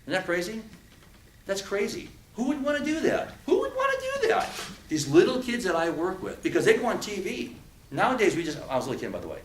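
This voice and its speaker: An animated man tells stories to a live audience, his pitch swinging widely as he acts out threats. He sounds a little far from the microphone in an echoey room. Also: fast, a little hiss or hum. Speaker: speaker. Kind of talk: motivational talk to an audience.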